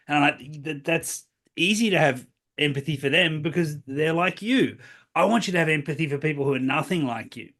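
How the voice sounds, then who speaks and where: A man's voice: fairly high pitch, brisk, a bit bright. A man hosting a podcast, asking reflective questions in casual conversation, often restarting as he frames his thoughts. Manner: thoughtful, frequent restarts while framing questions. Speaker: podcast host.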